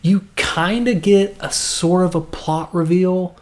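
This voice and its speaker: A man's voice: high-pitched, fairly even intonation, slow. A man hosting a podcast, casually talking through a film review, rambling and enthusiastic, often restarting and acting out reactions.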